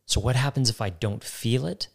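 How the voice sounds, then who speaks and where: A man's voice: mid-range voice, normal speed, gravelly. A man co-hosting a faith talk, telling a personal story earnestly and repeating key phrases for emphasis. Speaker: co-host.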